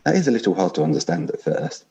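A man reading aloud and voicing a calm, forgiven man in heaven who gently reassures. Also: low voice, quick pace, gravelly, slightly rough, lo-fi sound, exaggerated voice.

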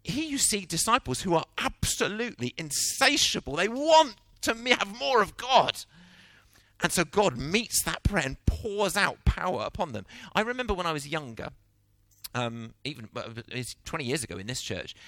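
A middle-aged man preaching a sermon, telling the story with lively acted-out voices. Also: a little high, normal speed, no room sound. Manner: animated storytelling, acting out quotes.

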